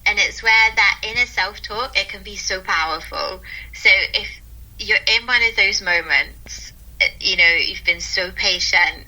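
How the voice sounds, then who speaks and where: Bright, earnest woman telling animal stories. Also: medium pitch, unhurried, low-quality recording. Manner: warm, earnest, laughs often while telling stories. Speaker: guest, calm mentor. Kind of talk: casual interview storytelling.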